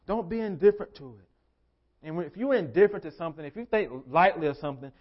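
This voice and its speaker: Man, pastor, sermon, emphatic and repetitive, somewhat high voice, dull lo-fi sound. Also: lively intonation, a little fast. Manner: emphatic preacher, repeating phrases, swinging from soft to loud.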